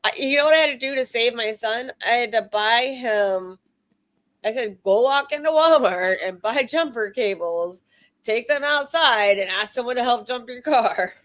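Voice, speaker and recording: A woman's voice: a little high, moderate pace, fairly bright tone, dry recording. A woman from Florida hosts a casual livestream chat, rambling from one thought to the next. Her voice sounds dry and close to the mic. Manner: rambling, chatty. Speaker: livestream host.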